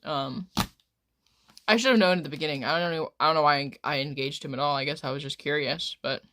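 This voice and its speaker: A woman's voice: deep voice, fast talker, a bit bright. A woman in her twenties, a streamer rambling through crude stories in casual chat. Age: 20s.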